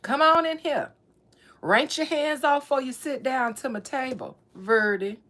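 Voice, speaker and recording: A woman's voice: high voice, voice pushed up. A woman doing an old lady voice, a welcoming grandmother calling a guest to her table. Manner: loud, drawn-out calling.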